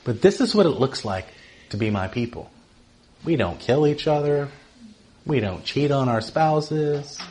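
A man giving a casual, conversational Bible lesson, often tagging his points with "right?" and rising sharply in pitch when he stresses something. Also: measured pace. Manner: animated, often asks "right?", rises in pitch for emphasis. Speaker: Bible teacher.

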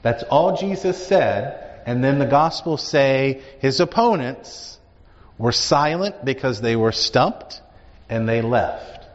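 A man's voice: medium pitch, animated, slow. A man teaching a Bible class, explaining emphatically and asking rhetorical questions. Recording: dull recording with hall reverb.

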